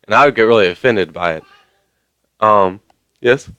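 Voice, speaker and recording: A man's voice: fairly low pitch, moderate pace, pushed and bright, smooth, dry recording, muffled recording. A man ranting casually to his viewers, rambling along with lots of fillers and mild swearing. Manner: conversational, many fillers. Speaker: vlogger. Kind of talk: casual rant to camera.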